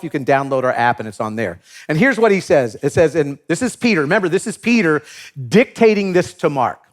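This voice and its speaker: Brief: a male pastor delivering a sermon, jokey, acts out the quotes, high and highly expressive. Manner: animated storyteller acting out quotes, joking.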